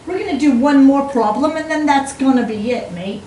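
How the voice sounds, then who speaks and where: A joking Australian-sounding teacher, as a woman puts her on, with a high voice that keeps tossing in "mate" while working through an equation. The sound is roomy and distant. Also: normal speed, dark tone, slight background noise, lightly acted. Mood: jokey. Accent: Australian, put on. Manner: jokey, calls students "mate". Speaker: math teacher. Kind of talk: math lesson in a put-on accent.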